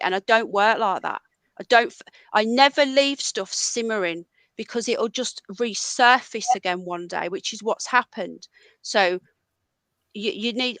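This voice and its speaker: A woman's voice: mid-range voice, sharp tone, no room sound. Lady livestreamer ranting mad, cursing nonstop, dry sound. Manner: furious, swearing, confronting a guest. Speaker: livestream host. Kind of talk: angry livestream rant.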